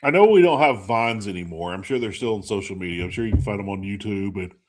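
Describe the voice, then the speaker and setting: A man's voice: lowish voice, animated, quick pace. A man hosting a talk show in casual chat, rambling with lots of fillers and laughing often. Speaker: host.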